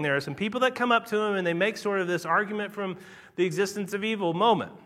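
Male pastor, high lively voice, bright and forceful, preaching with dramatic emphasis. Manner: emphatic, dramatic swings in pace and loudness. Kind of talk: sermon.

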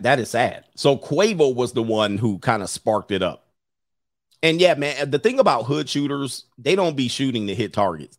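A man's voice: medium pitch, no room sound, studio quality. A middle-aged man hosting a livestream, telling stories casually, laughing often and acting out other people's voices. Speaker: livestream host.

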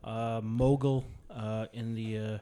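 A man hosting a podcast with a Toronto accent, talking in a rambling, halting way full of fillers. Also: fairly low pitch, steady tone, warm tone. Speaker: podcast host. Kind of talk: casual chat.

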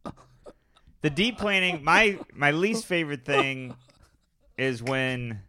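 A man in easygoing podcast chat who hands out practical advice and pokes fun at his co-host. His voice is bright and forward, with a smooth, resonant clarity. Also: fairly high pitch, slow pace. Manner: offers practical tips, teasing asides. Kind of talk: casual chat.

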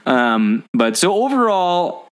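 A man's voice: mid-range voice, sing-song, a little slow, clear, resonant tone. A man hosting a casual movie-discussion podcast, chatty and rambling with lots of fillers. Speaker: podcast host.

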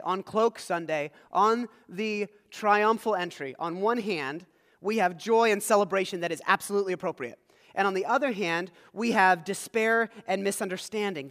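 A man preaching a sermon in a church sanctuary, his voice set high for a man. He swings between loud, stressed points and quiet, low asides. A long reverb from the big hall trails every phrase. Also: normal speed. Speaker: pastor.

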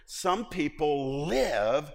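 A middle-aged man pastor preaching a sermon in a church, animated and humorous, acting out little scenes as he goes. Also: on the high side, extremely slow, gravelly, in a large hall.

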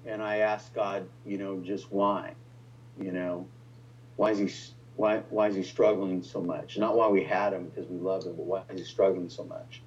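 Low, mellow-voiced man telling a story. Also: level tone, moderate pace, dull audio. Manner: emotional storytelling with many restarts. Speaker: pastor, guest. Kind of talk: personal testimony in conversation.

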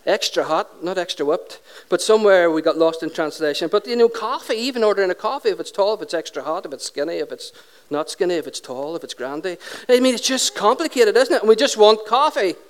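High-voiced, smooth preacher. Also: male voice, expressive, quick pace, hardly any pauses. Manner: humorous, conversational, asks the congregation questions. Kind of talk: sermon.

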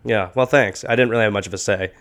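A man co-hosting a comedy podcast, telling stories in a casual chat and breaking into shouted impressions. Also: lowish voice, fairly even intonation, fast. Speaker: podcast co-host.

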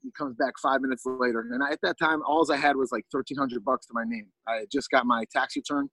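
A man's voice: medium pitch, fairly even intonation, quick pace, a bit bright, husky, no echo, poor audio. A man casually telling a long story as a podcast guest, rambling with lots of fillers and restarts.

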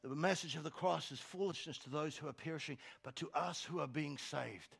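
Gravelly preacher, lively delivery. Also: male voice, fairly high pitch, brisk. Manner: energetic preaching, swings from soft asides to loud exhortation; repeats words when starting a phrase. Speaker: pastor. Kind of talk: sermon. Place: church stage.

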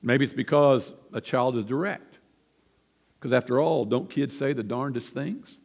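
Speaking from the pulpit in a large, hall-like church sanctuary, an older pastor recounts folksy family stories that poke fun at himself. He has a medium-pitched, slightly mellow voice with vocal fry and an unhurried pace.

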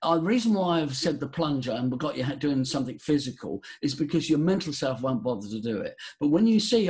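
A man on a podcast, guiding listeners through breathing as a voice coach. He talks in a theatrical, animated way with a somewhat high voice. His pitch swoops widely for emphasis. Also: a little fast, few pauses. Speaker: voice coach guest.

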